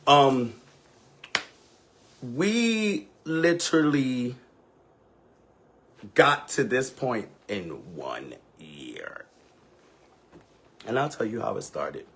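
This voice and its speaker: A man's voice: medium pitch, very animated, extremely slow, long pauses, a bit bright, husky. A man who is a ballroom house mother, telling an emotional, candid and profane story on a live stream with sassy, dramatic delivery.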